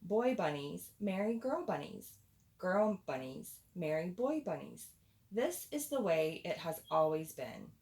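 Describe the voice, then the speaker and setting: A woman voicing a pompous, bossy male stink bug in a storybook reading, loud and stern. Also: lowish voice, big pitch swings, unhurried, roomy sound.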